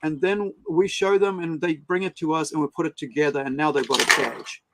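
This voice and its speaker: Gravelly, animated New man. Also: on the high side, fairly quick, low-quality recording. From New Zealand. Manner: animated storyteller, acts out quotes. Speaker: podcast co-host. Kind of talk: casual chat.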